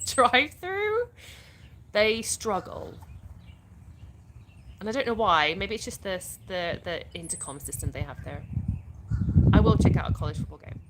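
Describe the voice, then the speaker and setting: A woman's voice: mid-range voice, a bit bright, a little hiss or hum. An English woman hosting a casual live stream, reading viewers' questions aloud and answering them chattily. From England (born in the US). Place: outdoors in the sun.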